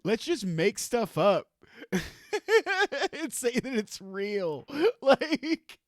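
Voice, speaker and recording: A man streaming live, reacting to a video with sarcastic, animated commentary and frequent laughter. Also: very high voice, extremely slow, no echo, studio quality.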